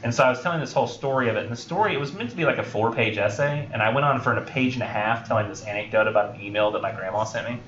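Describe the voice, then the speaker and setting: A young male college instructor lectures in a roomy classroom, heard through a dull, lo-fi recording with faint room noise. He rambles a little, leans on fillers and slips into quick impressions of film characters. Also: mid-range voice, fairly bright tone. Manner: rambling, filler-heavy, acts out film scenes.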